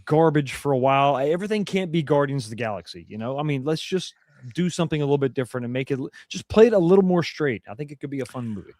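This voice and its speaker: A man's voice: a little high, expressive, rapid-fire, darkish tone, no room sound, studio quality. A man co-hosting a podcast, chatting casually in a thoughtful, opinionated way, often hedging and restarting. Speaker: podcast co-host. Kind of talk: casual chat.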